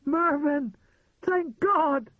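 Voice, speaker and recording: A woman's voice: medium pitch, expressive, fairly quick, husky, no room sound, voice pushed up. A man voicing a desperate trapped woman who pleads urgently, then turns tearful. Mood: frantic. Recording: tinny phone-like sound.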